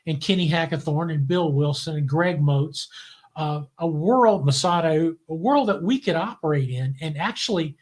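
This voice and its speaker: An older man, a guest in a casual interview, telling relaxed, wry stories and often restarting his phrases. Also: a little high, normal speed. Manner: relaxed anecdotal storyteller, wry and cynical, repeats words as he restarts.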